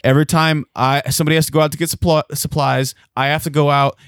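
A man's voice: on the high side, little pitch movement, fast, fairly bright tone, clean tone, no echo, studio quality. A man playing an exasperated, stammering boyfriend in an improvised comedy sketch.

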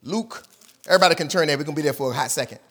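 A man's voice: on the high side, very fast, a bit bright. A male pastor preaching a sermon, emphatic, repeating key words and putting questions to his congregation.

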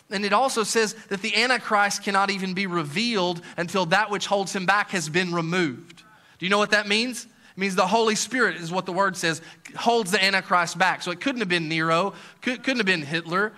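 The speaker is a high-pitched, middle-aged man preaching as a pastor. He moves from gentle, close moments to loud bursts of excitement, sprinkling in humorous asides.

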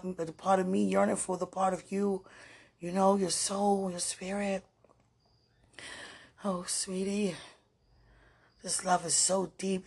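A woman giving an emotional, prayerful spiritual monologue on a podcast, repeating phrases and often dropping to hushed murmurs. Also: mid-range voice, vocal fry, slightly rough. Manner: repeats phrases, many fillers.

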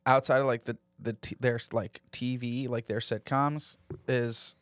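A man's voice: medium pitch, steady tone, a little slow, dry recording. A man in casual podcast banter, joking sarcastically and laughing often.

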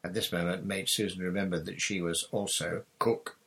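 A male narrator reads a children's adventure story in a steady storytelling manner. His voice sits low with a gravelly, husky grain. The delivery is even and scripted. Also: normal speed. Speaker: audiobook narrator.

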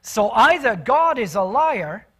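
High-voiced male preacher, lively and talky. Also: slow, husky. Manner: conversational and animated, asks the congregation questions. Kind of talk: sermon.

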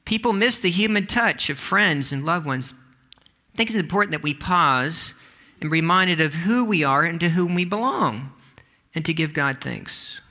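A man's voice: on the high side, lively intonation, normal speed, sharp tone. A man, a pastor, giving a conversational sermon full of restarts and asides.

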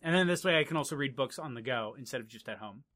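A man's voice: mid-range voice, animated, fast, fairly bright tone. A young man chatting casually, recapping a TV episode in a rambling, laid-back way and swearing offhandedly.

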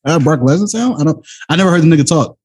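A man co-hosting a podcast in casual chat, animated and slangy, laughing often. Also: a little high, fast, husky. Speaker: podcast co-host.

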